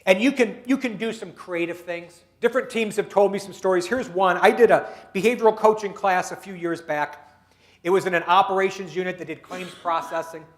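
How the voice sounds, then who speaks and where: High-voiced man telling workplace stories. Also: a little fast. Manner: animated storyteller acting out dialogue. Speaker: keynote speaker. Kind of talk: storytelling business talk. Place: dinner meeting room.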